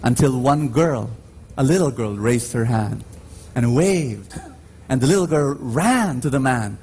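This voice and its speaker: A man with a Filipino accent preaching a sermon in slow, emphatic phrases, his pitch swinging widely as he drives each point home. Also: animated, darkish tone. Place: church. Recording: faint background noise on a radio live stream.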